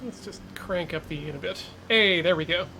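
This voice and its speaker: Pushed and bright, the man's high-pitched voice moves at a moderate pace as he streams sim racing. Game car engine and track noise sits under his casual chatter, self-coaching, and jokes with viewers.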